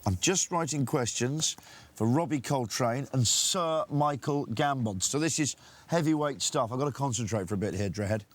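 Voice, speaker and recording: A man interviewing guests in a playful, teasing way, with halting restarts. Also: mid-range voice, animated. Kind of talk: casual interview questions.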